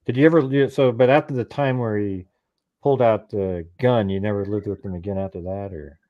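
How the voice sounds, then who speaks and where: Low-voiced man asking probing questions. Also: fairly even intonation, fairly quick, warm tone, dry recording, muffled recording. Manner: probing, asks short follow-up questions. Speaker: interviewer. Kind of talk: phone interview.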